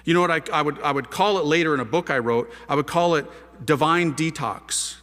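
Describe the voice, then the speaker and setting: A priest telling his conversion story to an audience, a lively storyteller using casual slang and rhetorical questions. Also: on the high side, a little fast. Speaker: priest giving a conversion testimony. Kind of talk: animated testimony talk to an audience. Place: large hall with a live audience. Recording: reverberant hall.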